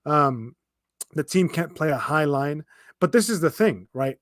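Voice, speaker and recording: Exasperated high-voiced man ranting on a livestream. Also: lively intonation, no room sound, studio quality. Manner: exasperated, fast ranting with frequent restarts and swearing. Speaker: fan commentator reacting to a live match. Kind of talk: livestream watchalong rant.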